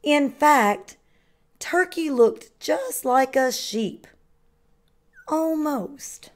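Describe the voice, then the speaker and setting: A woman reads a children's picture book aloud in the measured way of a kindergarten teacher. She takes her time over each line, her voice sitting a little high, and leans into the story's turns for effect. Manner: slow, expressive storytelling. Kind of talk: children's read-aloud narration.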